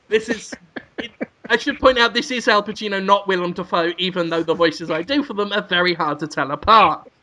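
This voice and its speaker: Guy rambling thru a dumb story, high bright voice, keeps cracking up and doing goofy voices. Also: moderate pace. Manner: rambling, giggling, bursts into silly put-on voices. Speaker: podcast panelist. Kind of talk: comedic storytelling on a podcast.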